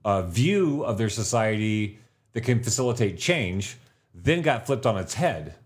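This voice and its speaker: Male podcast host, slightly low voice, casual explainer who trails off. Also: animated, measured pace, breathy edge. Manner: musing, explanatory, trails off mid-sentence. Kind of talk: casual conversation.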